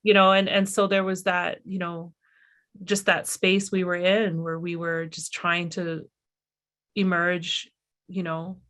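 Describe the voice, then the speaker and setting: Middle-aged woman, filmmaker guest, lowish voice, candid, halting and reflective. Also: level tone, fairly bright tone. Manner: candid, halting, with many restarts and fillers. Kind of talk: reflective conversation.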